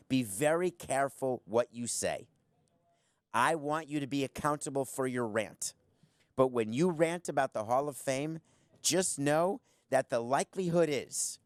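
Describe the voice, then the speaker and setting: A man's voice: medium pitch, no echo. Combative man hosting sports talk. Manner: combative, rhetorical, teasing his producer. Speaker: sports podcast host. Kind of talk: opinionated sports commentary monologue. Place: studio.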